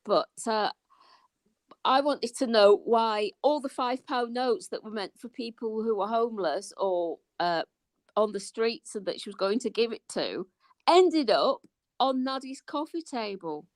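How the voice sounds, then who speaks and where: An exasperated woman chatting as a guest on a live stream, her voice pitched fairly high. She swears freely and sounds close and dry, with no room around her. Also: expressive, measured pace, no echo. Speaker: guest commentator. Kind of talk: casual live-stream chat.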